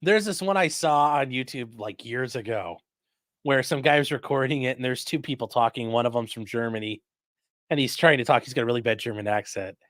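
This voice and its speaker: A man's voice: medium pitch, a little fast, a bit bright, no echo, clean studio sound. A man hosting a casual livestream, chatting loosely and reading viewer comments aloud. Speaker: livestream host reading chat.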